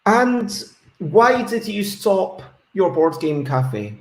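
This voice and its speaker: A man hosting a casual interview show. He asks questions in a relaxed, hesitant way with many "um"s. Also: high-pitched, very slow. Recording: roomy echo.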